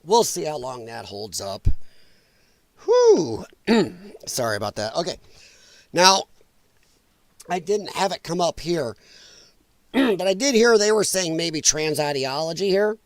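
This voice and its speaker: A man's voice: a little high, big pitch swings, slow pace, pauses often, no room sound. A man hosting a casual political commentary livestream, blunt and exasperated, with an irritated throat that keeps making him cough. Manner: blunt, exasperated, frequent apologies. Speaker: livestream host.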